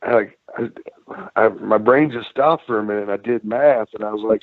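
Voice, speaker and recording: A man with a voice on the low side, speaking at a moderate pace, guests on a podcast to recount road stories from his wrestling days. He's profane and lively, acting out others' words, in a casual interview with dry, narrow, phone-like sound and no echo.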